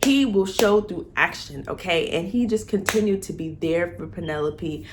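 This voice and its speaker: A woman's voice: lowish voice, expressive, moderate pace, background noise. A young woman gushing and laughing as she talks about her favorite TV couples in a casual vlog. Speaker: vlogger. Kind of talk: excited fan commentary.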